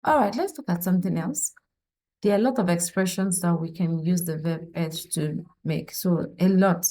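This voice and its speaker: A woman's voice: on the low side, moderate pace, mellow. A woman teaching an online French lesson, patiently explaining and repeating example sentences, with some fillers and restarts. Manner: fillers and restarts when thinking.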